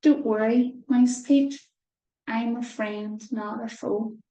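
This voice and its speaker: A woman's voice: a little high, fairly even intonation, slow, warm tone, roomy sound, dull audio. A woman doing a cheerful little mouse. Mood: reassuring. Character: small brave friendly mouse.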